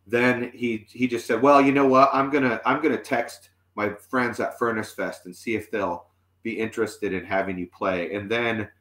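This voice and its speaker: A musician guest in his forties, with a lowish, fairly bright voice, tells a long story in casual chat. He rambles with many fillers and restarts, and the recording sounds roomy and echoey.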